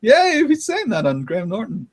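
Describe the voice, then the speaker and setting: A man in casual podcast chat, his voice sitting a little high. He retells stories with animated energy and the odd laugh, chatting loosely rather than reading. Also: fairly quick. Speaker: podcast host.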